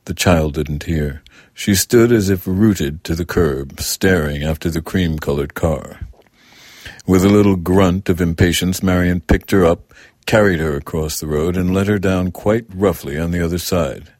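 A man narrating an audiobook in an even, measured reading. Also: low voice, dry recording, studio quality.

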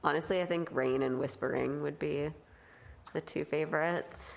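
Woman guest, very low voice with fry, easygoing and unsure. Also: moderate pace. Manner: laughs easily, relaxed, a bit unsure. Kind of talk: casual interview chat.

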